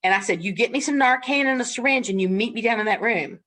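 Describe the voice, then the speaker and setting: A woman's voice: a little high, quick pace, a bit bright. An older woman teaching a nursing class, frank and folksy, laughing often as she tells stories from the ward. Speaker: nursing instructor. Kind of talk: classroom lecture with storytelling.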